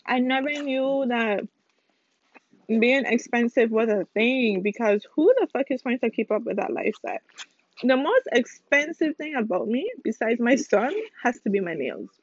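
A woman's voice: on the high side, breathy edge, no echo, highs cut off. A young woman chatting casually to her viewers while eating, speaking straight to them on her phone. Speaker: vlogger. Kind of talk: casual chat to camera.

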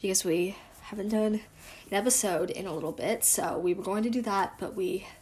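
A woman's voice: mid-range voice, steady tone, a little fast, darkish tone. A young woman co-hosting a casual podcast, giggling and restarting her intro lines. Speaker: podcast co-host. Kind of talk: casual podcast chat, blooper takes.

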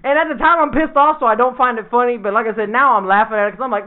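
A man with a high voice tells jokey stories in casual podcast banter. He swears freely and laughs often. The sound is thin and phone-like. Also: very fast, few pauses.

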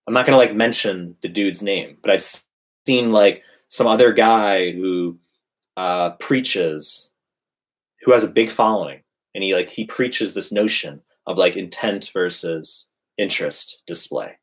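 A man lectures with insistent emphasis in a low, husky voice. He talks casually, as if he were on a podcast, and keeps repeating his points. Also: measured pace. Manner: emphatic, preachy, animated. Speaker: dating coach.

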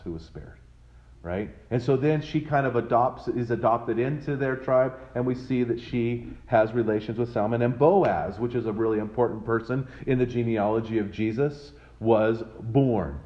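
Chatty male Bible teacher, lo-fi sound. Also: medium pitch. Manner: conversational, retells scripture with quoted voices and asides; frequent fillers and restarts.

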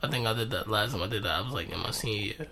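A man's voice: lowish voice, racing, creaky, sharp tone, a little hiss or hum. A young man hosting a podcast with casual, slangy banter and a worn-out voice. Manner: laid-back, slangy, laughs often. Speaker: podcast host.

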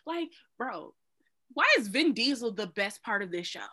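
A woman's voice: medium pitch, big pitch swings, normal speed, pushed and bright, poor audio. A woman co-hosting a podcast, chatting casually in a playful, slangy way. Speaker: podcast co-host. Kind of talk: casual chat.

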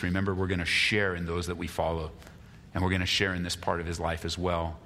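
Bright-voiced male pastor in a reverberant hall. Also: sits low, a little hiss or hum. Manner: animated, acts out quarrels in lively voices. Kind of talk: sermon.

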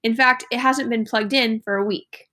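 A woman's voice: a little high, steady tone, moderate pace, sharp tone. Woman reading as a precise, formal boy genius. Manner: formal, matter-of-fact.

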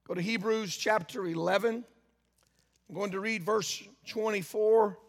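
High, gravelly preacher in a reverberant church. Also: male voice, steady tone. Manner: reads scripture slowly and emphatically, then speaks conversationally with asides. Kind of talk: sermon with scripture reading.

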